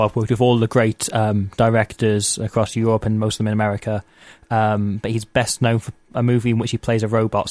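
A male podcast host in casual comedy chat, mid-pitched and rambling with lots of fillers. His voice is recorded very dry, with no room sound. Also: darkish tone, dry recording. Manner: rambling, laughing, filler-heavy.

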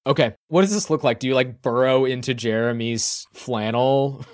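A man's voice: medium pitch, moderate pace, darkish tone. A man narrating vividly and wryly as game master of a tabletop game.

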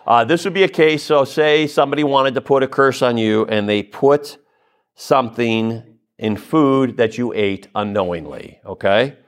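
Man giving a conversational spiritual teaching. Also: on the low side. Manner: conversational, addresses listeners as folks, frequent okay and asides. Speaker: Catholic teacher or preacher. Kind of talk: spoken teaching talk.

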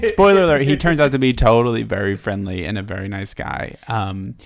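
A man's voice: fairly low pitch, fairly quick, gravelly. Man telling a story, laughing often. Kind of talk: casual chat.

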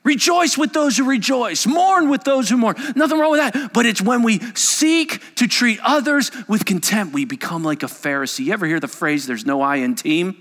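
A man preaching a sermon as a pastor, animated and joking, with heavy emphasis. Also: very high-pitched, moderate pace, hardly any pauses, in a large hall.

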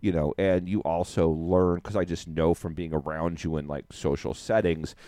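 Deep, mellow-voiced man chatting. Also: fairly even intonation, normal speed, no echo. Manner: laid-back, filler-heavy, prompts with questions. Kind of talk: casual chat.

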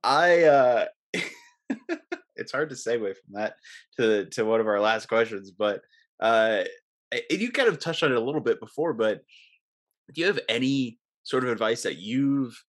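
A man hosting an interview, laughing along and asking questions in a relaxed way. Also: mid-range voice, normal speed. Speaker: host. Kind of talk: casual interview.

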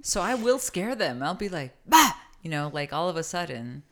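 Low-voiced woman, animated and emphatic. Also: fairly quick, a crowd in the background. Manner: animated, emphatic, swears freely. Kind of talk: casual chat.

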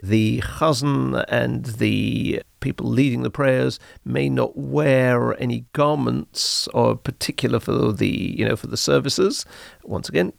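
A man, explaining history in a measured, informative podcast conversation. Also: medium pitch, vocal fry, no room sound, studio quality. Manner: measured, informative, uses Hebrew terms. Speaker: history podcast guest expert.

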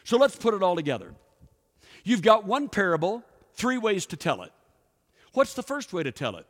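A pastor giving a sermon, telling a story and putting questions to the congregation. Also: male voice, high voice, wildly swooping pitch, normal speed, fairly bright tone. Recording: echoey hall with long reverb.

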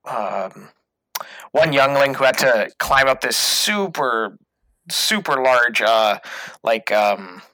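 Guy with a bright forceful tone, dry close mic, rambling casual chat full of restarts. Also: mid-range voice, animated, slow, no echo, low-quality recording. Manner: hesitant, many fillers and restarts. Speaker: podcast co-host.

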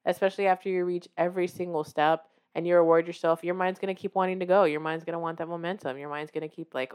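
A woman's voice: lowish voice, fairly even intonation, quick pace, hardly any pauses, clean tone. A woman author hosting her own show, talking casually and encouragingly to the listener and acting out her own reactions as she tells her story. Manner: warm, encouraging, directly addressing the listener. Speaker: author and podcast host. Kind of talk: casual motivational talk.

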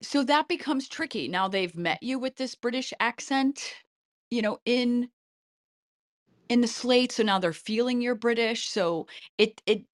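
A woman's voice: a little high, no room sound. Chatty middle-aged woman, dry close sound. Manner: animated, chatty, with frequent light laughs. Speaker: casting director. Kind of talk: interview answers, giving advice.

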